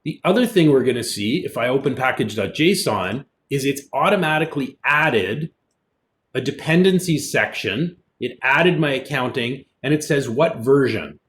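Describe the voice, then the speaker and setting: A man, a college instructor, giving a relaxed online programming lecture, explaining as he goes with fillers, with keyboard typing in the background. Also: mid-range voice, moderate pace, a little hiss or hum. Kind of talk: recorded online lecture with screen demo.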